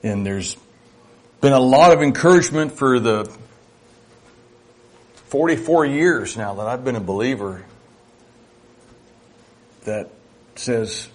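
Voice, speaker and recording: A man's voice: medium pitch, lively intonation, slow, long pauses. An older man preaching a sermon to his church, folksy and reflective, sometimes acting out little dialogues. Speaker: pastor.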